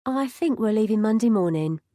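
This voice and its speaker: A woman's voice: medium pitch, lively intonation, brisk, warm tone, dry recording, studio quality, lightly acted. A woman voicing an easygoing older father in an audiobook, speaking genially to his daughter. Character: friendly, mild-mannered older father. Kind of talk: audiobook character reading.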